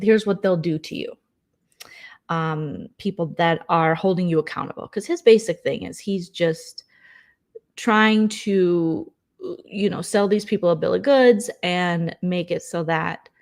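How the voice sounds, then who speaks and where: A woman vlogger talking casually late at night, ranting sarcastically about online trolls with mocking asides. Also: lowish voice. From United States.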